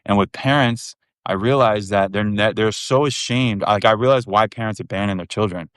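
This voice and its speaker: A man's voice: on the low side, moderate pace, clear, resonant tone, no echo, studio quality. A man in his thirties talking candidly as a podcast guest, frank and rambling, with plenty of swearing. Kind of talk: candid casual conversation.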